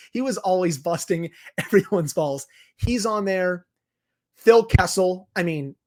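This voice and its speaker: A young man with a fairly high voice co-hosts a sports podcast. He reads out listener questions and answers them in an upbeat, casual way. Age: young adult. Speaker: podcast co-host.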